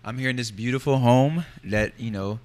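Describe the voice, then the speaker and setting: A man's voice: mid-range voice, moderate pace, darkish tone. A man co-hosting a casual podcast, joking around in slangy, easygoing talk. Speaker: podcast co-host. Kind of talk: casual group chat.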